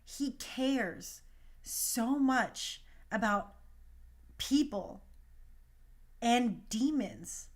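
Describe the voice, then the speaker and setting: A young woman hosting a talk show, speaking in a passionate, emphatic casual monologue. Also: a little high. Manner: impassioned, emphatic.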